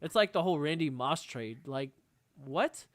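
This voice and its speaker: A man's voice: fairly high pitch, lively intonation, moderate pace, no echo. Heated, profane man ranting on a podcast. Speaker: podcast co-host. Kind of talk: casual sports podcast rant.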